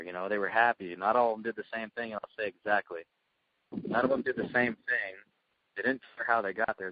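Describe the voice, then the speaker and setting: Fast-talking man on a lo-fi call. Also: lowish voice, no room sound. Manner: energetic, storytelling, earnest. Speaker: guest speaker. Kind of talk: motivational call talk.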